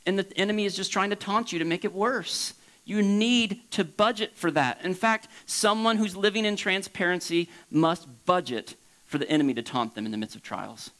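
A man from Florida preaching as a pastor, leaping up high for emphasis and dropping to a soft hush for reflection. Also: normal speed, poor audio. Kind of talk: sermon.

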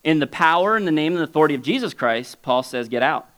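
A male pastor delivers a sermon in a relaxed, chatty style, his voice lively, fast, clear and resonant. He alternates between loud, high-pitched exclamations and soft, low asides, frequently chuckling between points.

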